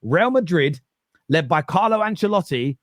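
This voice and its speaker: Animated football podcast host. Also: male voice, fairly high pitch, moderate pace, no echo, studio quality. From England. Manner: animated, emphatic, repeats words. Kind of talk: casual football podcast chat.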